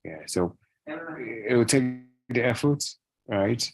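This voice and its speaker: A man's voice: mid-range voice, animated, takes it slowly, darkish tone, husky, poor audio. A man answering interview questions about learning pronunciation, often repeating phrases and adding "yeah" and "right?". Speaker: guest. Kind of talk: casual interview.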